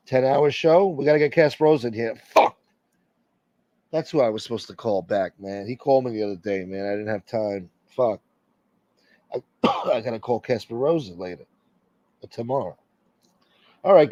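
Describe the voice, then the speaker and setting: A man's voice: mid-range voice, animated, moderate pace, long pauses, dark tone, no room sound, lo-fi sound. A man hosting a casual live stream, joking and swearing as he greets viewers by name and asks for support. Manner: profane, joking, reading out viewer names. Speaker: livestream host.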